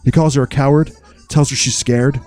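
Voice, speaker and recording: A man co-hosting a podcast, recapping a film in a casual, wry, joking way with deadpan asides. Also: mid-range voice, fairly quick.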